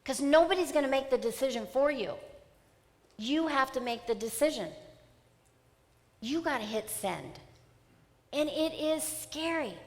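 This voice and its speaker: A middle-aged woman giving an emphatic, animated motivational seminar talk. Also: sits high. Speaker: seminar speaker. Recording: long hall reverb.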